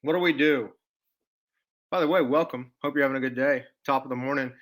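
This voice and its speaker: A man's voice: mid-range voice, brisk, a bit bright. A middle-aged man with a Texas accent giving chatty, folksy stock market commentary over a screen share, with salesy asides and restarts. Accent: Texan.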